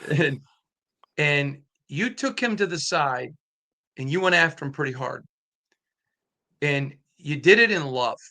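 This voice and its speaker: Bright-voiced earnest male podcast host. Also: a little high, lively intonation, measured pace, pauses often. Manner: earnest, emphatic storyteller. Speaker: podcast host and sports beat writer. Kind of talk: casual interview chat.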